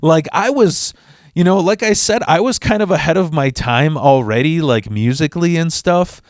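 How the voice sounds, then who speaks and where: A man's voice: a little high, expressive, moderate pace, no echo, clean studio sound. A man casually telling a personal story on his video channel, rambling, with frequent stammered restarts and heavy swearing.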